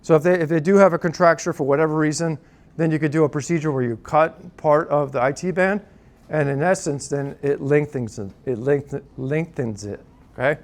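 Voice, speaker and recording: Man lecturing a class, lively asides. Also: fairly high pitch, brisk. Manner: conversational, checks in with "right?" and "okay?"; dry joking asides.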